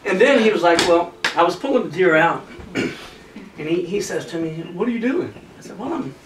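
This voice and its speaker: A man's voice: sits high, expressive, moderate pace. A man telling a funny hunting story in a casual way, laughing often as he talks. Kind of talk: casual anecdote. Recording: roomy distant camcorder audio with loud noise.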